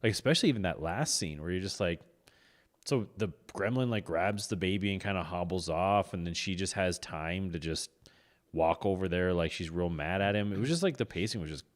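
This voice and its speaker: A man co-hosting a casual movie review podcast, laid-back and quick to agree. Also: low-pitched. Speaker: podcast co-host.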